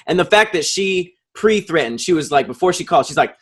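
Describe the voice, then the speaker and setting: A man co-hosting a podcast in casual chat, with relaxed, joking banter. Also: a little high, a little fast, few pauses, breathy edge. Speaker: podcast co-host.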